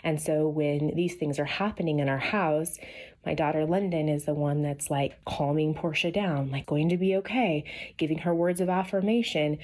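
A woman, a mother in her thirties, talks in an earnest, heartfelt way about family and faith, rising high when she gets excited. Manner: earnest, animated, rising to a high pitch on excited or quoted lines. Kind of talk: casual heartfelt talk.

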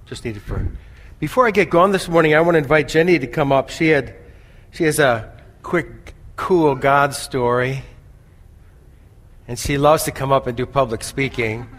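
A pastor speaking casually from the front of a church, relaxed and friendly. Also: male voice, mid-range voice, moderate pace. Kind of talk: casual pulpit talk. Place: church sanctuary. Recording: echoey hall, crowd and noise behind.

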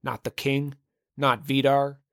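A man narrating a dramatic legend in a measured, vivid storytelling manner. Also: mid-range voice, little pitch movement, dry recording, studio quality.

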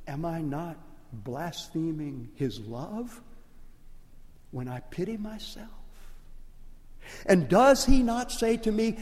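Older Cajun pastor, high voice, preaching with rising passion in a hall with long reverb. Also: male voice, slow pace, pauses often. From Louisiana, USA. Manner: impassioned preaching with wide swings from hushed to loud. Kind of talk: sermon.

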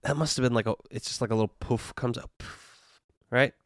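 A man's voice: mid-range voice, fairly even intonation, a little fast, a bit bright, no room sound, studio quality. A young adult man hosting a casual solo podcast, rambling and profane with constant "you know" and "dude" fillers. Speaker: podcast host.

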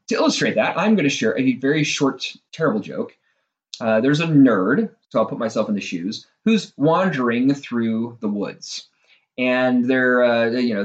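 A middle-aged man talking through a casual monologue, conversational and self-deprecating, with fillers and wry asides. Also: medium pitch. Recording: dull lo-fi recording.

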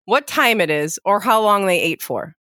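A chatty middle-aged woman talking with a close, dry sound and an even middle pitch. She co-hosts a relaxed talk show and pokes fun at herself, often close to laughter. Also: moderate pace, no room sound. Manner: chatty, laughing, self-mocking. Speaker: podcast co-host. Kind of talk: casual chat.

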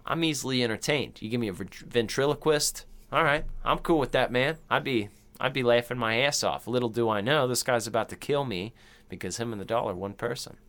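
A man co-hosting a casual movie review chat, animated and swearing freely, often acting out lines in silly voices. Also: medium pitch, fairly quick. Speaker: podcast co-host.

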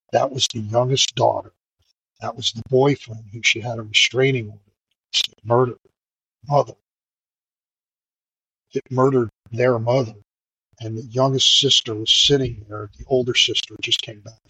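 A man's voice: mid-range voice, fairly even intonation, normal speed, vocal fry, long pauses, sharp tone, husky, no echo, rough recording. A middle-aged man, a firefighter, telling a raw story in an interview, profane and emotional, rambling with many fillers. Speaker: firefighter and podcast guest.

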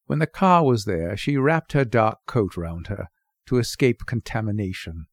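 Expressive man reading a story. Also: on the low side, moderate pace, dry recording. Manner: expressive, wry. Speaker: narrator, reader.

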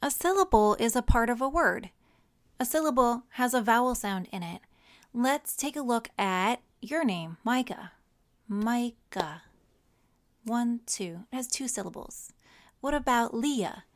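A woman narrating a children's story and teaching syllables in a gentle, teacherly way. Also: fairly high pitch, lively intonation, moderate pace, dry recording.

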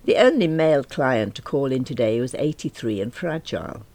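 A woman's voice: a bass voice, big pitch swings, moderate pace, darkish tone, dry recording. A middle-aged woman, reading a first-person audiobook in a wry, self-deprecating manner. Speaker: audiobook narrator.

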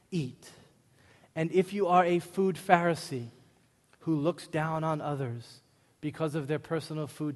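A man preaching an emphatic, humorous sermon in a church hall. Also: on the high side. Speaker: pastor. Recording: long reverb of a large hall.

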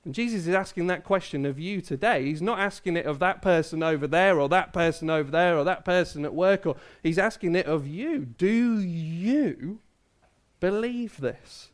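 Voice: mid-range voice, brisk, few pauses. Preacher asking tag questions. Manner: asks many tag questions, draws in listeners. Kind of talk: family sermon addressing kids and adults. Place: church service.

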